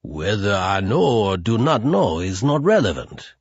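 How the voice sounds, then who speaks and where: A man's voice: on the low side, big pitch swings, unhurried, husky, no room sound, highs cut off, full character voice. A man voicing a prim, nervous hotel concierge in an audiobook, formal and pleading.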